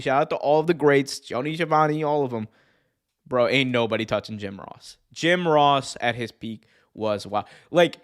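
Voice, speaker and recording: Wrestling podcast host, excitable and slangy, cracks up easily. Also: male voice, a little high, clean tone. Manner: excitable, laughs often, slangy. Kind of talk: casual chat.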